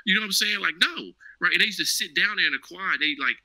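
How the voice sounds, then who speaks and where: On poor audio, a high-pitched man talks quickly as an interview guest. Once a Marine and now a cloud engineer, he's animated and slangy, spinning casual stories and performing the quoted lines himself.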